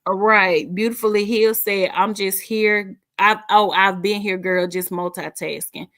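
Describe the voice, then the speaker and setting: A woman's voice: mid-range voice, steady tone, unhurried, a bit bright, dry recording, studio quality. A middle-aged woman hosting a casual live stream, reading out viewer comments in a chatty, informal way and laughing often.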